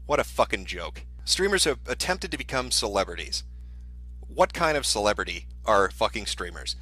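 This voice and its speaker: A man's voice: on the low side, sing-song, moderate pace, sharp tone, no room sound, faint music behind. A man ranting in profane, sarcastic commentary, mocking a streamer as he reads his posts aloud.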